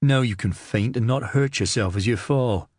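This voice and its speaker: A man's voice: low voice, normal speed, sharp tone, no room sound, studio quality, voice pushed down. A man doing a brusque young man-at-arms. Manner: commanding, mocking.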